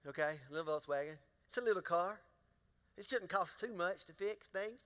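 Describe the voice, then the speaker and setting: High bright pastor in a big church. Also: male voice, lively intonation, a little fast. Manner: folksy storytelling, talks to the crowd. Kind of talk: sermon. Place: large church auditorium. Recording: long hall reverb in a church.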